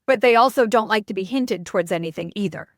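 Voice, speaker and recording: A middle-aged woman from New York, a marketing expert speaking as a podcast guest, blunt and animated, often breaking off mid-sentence. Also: mid-range voice, fast talker, dry recording, studio quality. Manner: blunt, animated, self-interrupting. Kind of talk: casual podcast interview.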